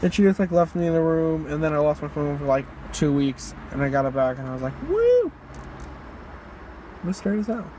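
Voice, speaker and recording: A teenage man co-hosting a podcast, telling a story casually, swearing a lot and shouting out the lines he quotes. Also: a little high, quick pace, few pauses, a little hiss or hum. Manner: animated, profane, acts out quotes in shouts. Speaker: podcast co-host.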